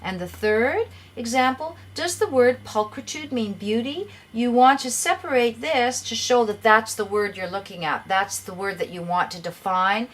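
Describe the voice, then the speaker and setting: A woman's voice: a little high, moderate pace, few pauses. Patient middle-aged woman teaching grammar. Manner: patient, repeats words while explaining. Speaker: English teacher. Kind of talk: explaining a grammar lesson.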